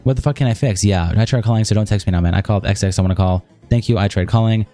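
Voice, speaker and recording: A man rattles through a chat log at breakneck speed, hardly slowing between messages. His voice sits low with a dark, mellow tone, and soft music plays underneath. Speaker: streamer reading a document aloud. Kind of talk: rapid reading aloud of a chat log.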